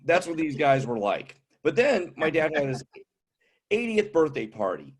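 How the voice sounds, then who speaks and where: Husky fifty-something stand-up comic. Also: male voice, a little high, moderate pace. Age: 50s. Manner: wry, deadpan setups. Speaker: stand-up comedian. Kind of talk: stand-up comedy.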